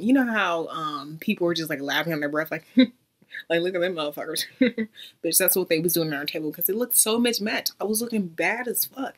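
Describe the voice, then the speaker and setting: A woman, telling a brash, profane storytime rant to her viewers. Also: lowish voice. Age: 20s. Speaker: YouTuber.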